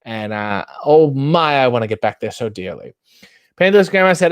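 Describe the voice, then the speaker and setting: A man's voice: mid-range voice, animated, moderate pace, dry recording, clean studio sound. A man hosting a casual livestream, reading viewer comments aloud and riffing on them with wry, playful asides. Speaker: streamer, show host.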